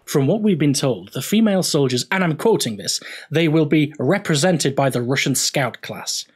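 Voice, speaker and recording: A man's voice: a little high, expressive, normal speed, breathy edge. A young man hosting a gaming video, explaining history casually with jokey, rambling asides.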